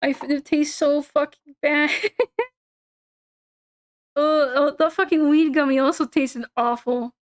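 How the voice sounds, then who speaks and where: A woman's voice: sits high, steady tone, measured pace, pauses often. A young woman chatting casually on a stream, rambling, swearing and giggling often.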